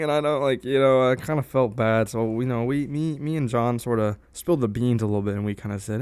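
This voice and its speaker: A young man narrates a story for his vlog in a rambling, casual way, stopping and restarting his sentences. His voice is smooth and clear at a middle pitch. The sound is close and dry. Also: steady tone, fairly quick, few pauses, darkish tone, no echo. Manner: rambling, many fillers and restarts. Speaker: vlogger.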